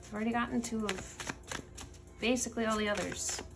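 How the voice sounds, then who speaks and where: Sleepy woman with a creaky voice. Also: on the high side, steady tone, brisk, music in the background. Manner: rambling, thinking aloud with many fillers. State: sleepy, yawning late at night. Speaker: tarot reader. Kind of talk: casual tarot reading. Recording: cards shuffling and clicking behind.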